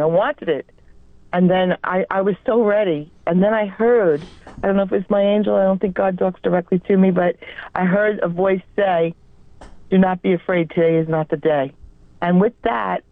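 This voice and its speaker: Over a tinny phone line, a woman from the New York area with a New York accent calls in to a radio show. Her medium-pitched voice comes through dry as she tells a personal story in an earnest, rambling phone-in testimony.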